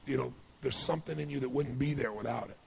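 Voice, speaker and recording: A man telling an emotional story to a seminar audience, building to excited outbursts. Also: mid-range voice, fast talker, vocal fry, a crowd in the background. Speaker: motivational speaker. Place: large seminar hall with audience.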